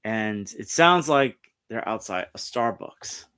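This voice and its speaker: A man's voice: on the low side, lively intonation, slow pace, sharp tone, clear, resonant tone. A man hosting a casual pop culture stream, reading articles aloud and rambling with frequent restarts. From New York. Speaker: streamer host. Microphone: streaming setup mic.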